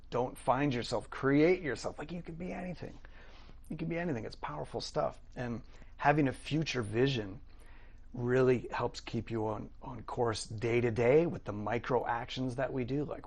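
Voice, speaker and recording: Middle-aged male podcast guest with a medium-pitched voice, earnest and reflective, restarting his sentences as he talks. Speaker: podcast guest, drumming coach. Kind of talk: casual interview conversation.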